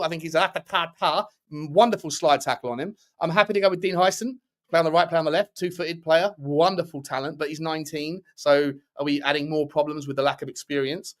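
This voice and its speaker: A man's voice: on the high side, fast. A man hosting a casual football live stream, reading out chat messages and giving rambling, opinionated takes. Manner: chatty, opinionated, rambling with restarts.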